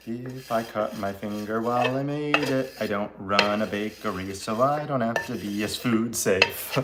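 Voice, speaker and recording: A man's voice: on the low side, moderate pace, heavy background noise. A man hosting a live baking stream from his home kitchen, chatting casually, joking and laughing often. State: laughing through a cut finger.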